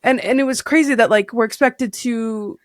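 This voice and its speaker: A woman's voice: on the high side, moderate pace, no echo, studio quality. A woman in her thirties chatting candidly as a podcast guest, rambling with fillers and restarts. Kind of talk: candid casual chat.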